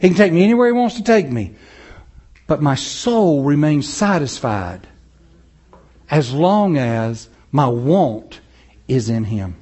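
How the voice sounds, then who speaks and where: A man preaching a sermon, moving between loud, rising passages and low, slow, soft ones, chuckling often. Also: big pitch swings, husky. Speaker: pastor.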